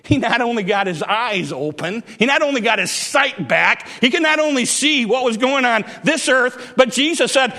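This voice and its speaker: A man's voice: very high-pitched, expressive, normal speed, hardly any pauses, sharp tone. A male preacher delivering a sermon, retelling a story dramatically and acting out the voices.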